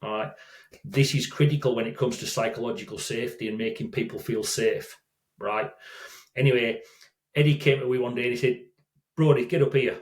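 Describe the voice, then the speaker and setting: A man's voice: medium pitch, steady tone, fairly quick. An older man, a guest telling stories in a casual, rambling way with frequent restarts. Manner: rambling, many restarts and self-corrections. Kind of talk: casual storytelling. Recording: roomy echo.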